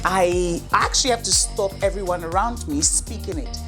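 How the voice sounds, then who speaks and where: A woman's voice: on the low side, normal speed. A woman hosting a casual cooking chat at a home table, teasing her guest and laughing often. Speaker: host. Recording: music playing underneath.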